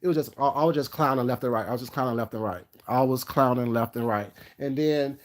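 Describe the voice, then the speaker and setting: A man's voice: medium pitch, quick pace. Rambling, sassy man telling stories. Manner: rambling, jumps between topics; brash, sassy and self-assured. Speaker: food vlogger. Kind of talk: casual storytelling to camera.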